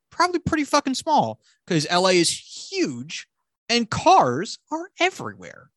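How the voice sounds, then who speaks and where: A man's voice: high-pitched, no room sound. A man co-hosting a podcast, chatting casually about a film in a rambling, profane way. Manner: rambling, profane, animated retelling. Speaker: podcast co-host. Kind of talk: casual movie review chat.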